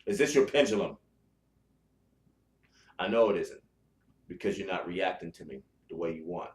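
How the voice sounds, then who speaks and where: A man with a low voice hosts a spiritual podcast, speaking at a moderate pace in a casual, blunt, profane style with lots of restarts. The room sounds echoey.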